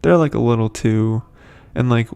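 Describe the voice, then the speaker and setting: A man's voice: medium pitch, normal speed, vocal fry, darkish tone, smooth. A man giving a casual, rambling recap of a TV episode, full of fillers and restarts, with the odd chuckle. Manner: chuckles between points. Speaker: show commentator.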